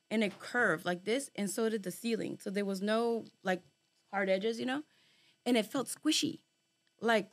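A medium-pitched woman spins a lengthy personal tale for a casual group chat. Her delivery is lively and full of curses and fillers, sprinkled with Spanish slang.

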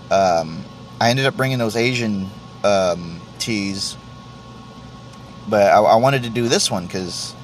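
A man's voice: medium pitch, slight background noise. Rambling, swearing podcast man. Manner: rambling, self-deprecating, swears often, many restarts. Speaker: podcast host. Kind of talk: casual solo podcast rant.

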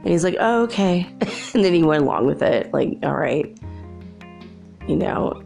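A woman's voice: deep voice, normal speed, creaky, dark tone, faint music behind. A woman hosting a show, telling chatty, rambling stories in a casual monologue and laughing often. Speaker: show host.

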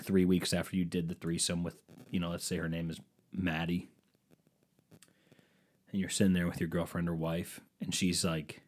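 A man's voice: low voice, mellow. A young man hosting a solo comedy podcast, rambling and self-mocking, throwing jokey asides to an imagined crowd. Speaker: podcast host.

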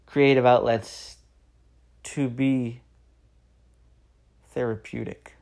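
Podcast host, male, 30s: slow, earnest pep talk, some vocal fry. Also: mid-range voice, fairly even intonation, a little mellow. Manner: earnest, encouraging, repeats phrases for emphasis. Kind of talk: solo motivational podcast talk.

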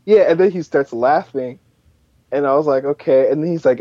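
A man co-hosting a wrestling podcast with a mellow, dark tone, relaxed as he moves the talk along. His mic sounds dull and muffled, with a dry, close feel. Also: fairly high pitch, normal speed, dry recording. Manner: relaxed, steers the segments. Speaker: podcast co-host. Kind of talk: casual wrestling chat.

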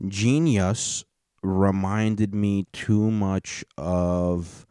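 A young man streaming, reacting to a clip and chatting with viewers in loud, profane, joking banter. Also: low-pitched, steady tone, very slow, clean tone, no room sound, clean studio sound.

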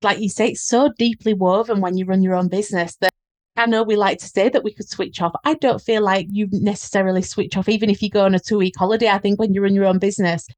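A woman's voice: mid-range voice, steady tone, quick pace, darkish tone, no echo. A woman with a Northern English accent, a guest business coach talking in an earnest, flowing, reflective way in a casual podcast chat.

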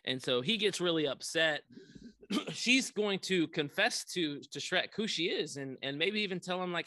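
A man's voice: high voice, expressive, normal speed, sharp tone, no room sound. A young man casually recapping a movie on a podcast, rambling with lots of ums and likes. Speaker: podcast co-host.

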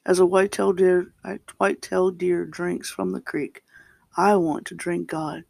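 A man with a fairly high voice and a gravelly edge reads scripture slowly, pausing between phrases. He talks as a pastor giving a reflective sermon. The sound is dry and close. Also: fairly even intonation, darkish tone, dry recording. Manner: slow, deliberate reading with pauses and restarts.

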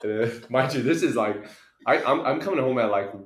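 A man's voice: mid-range voice, a little fast. A young man on a podcast, telling a story in casual chat, acting out voices and laughing along the way. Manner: animated storyteller, acts out voices, laughs often. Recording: echoey room.

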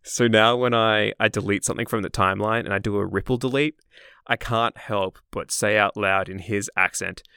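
Gravelly low-voiced man, laughing podcast co-host. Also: steady tone, moderate pace, bright, forceful tone, dry recording, clean studio sound. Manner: laughs often, swears casually. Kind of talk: casual chat.

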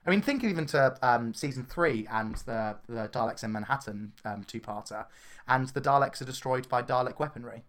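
A man's voice: medium pitch, normal speed, fairly bright tone. A man with a southern English accent, co-hosting a casual podcast chat and laughing often. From southern England. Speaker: podcast co-host.

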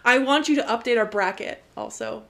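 A woman's voice: on the high side, a little fast, gravelly, fairly bright tone. A young woman co-hosting a podcast in casual chat, gushing and swearing freely as she talks. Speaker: podcast co-host.

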